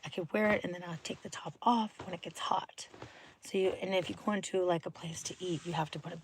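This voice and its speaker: A woman's voice: lowish voice, fairly even intonation, a little fast, slight background noise. A woman hosting a casual livestream from home, rambling and often dropping into a whisper as she chats with viewers. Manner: chatty, often drops to a whisper; rambling, thinks aloud. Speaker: livestream host. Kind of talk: casual live chat with viewers.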